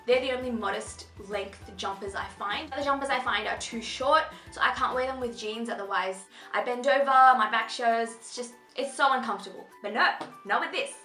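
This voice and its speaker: A high, bright young woman gushes through a casual fashion haul in a bubbly, chatty way. Her voice rings in an echoey room, with faint music playing underneath. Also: moderate pace. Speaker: fashion vlogger.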